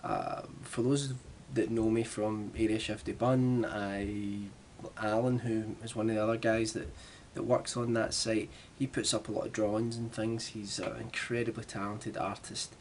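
Low-voiced and chatty, a Glaswegian vlogger from Glasgow, Scotland, talks in a flat, darkish tone at a moderate pace with hardly any pauses. His casual vlog chat is self-deprecating and full of rambling asides, with slight background noise.

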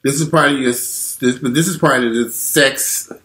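A man in his forties telling a candid, profane story straight to his viewers in an animated way. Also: medium pitch, normal speed. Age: 40s. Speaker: vlogger.

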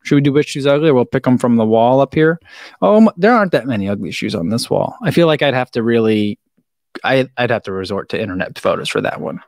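A man's voice: medium pitch, expressive, fast talker, a little mellow, no echo, clean studio sound. A man hosting a casual live stream about running shoes, laid-back and rambling as he answers viewer questions with frequent chuckles, in a room with shoes on the wall.

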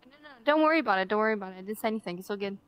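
A woman in casual voice chat, talking in a quick, playful way. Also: medium pitch, animated, smooth, no echo.

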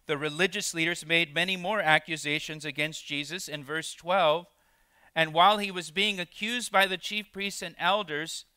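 A man's voice: on the high side, pushed and bright, smooth, no room sound. A man preaching a verse-by-verse sermon as pastor, sometimes acting out quoted lines and repeating words as he restarts. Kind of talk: expository sermon. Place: church sanctuary.

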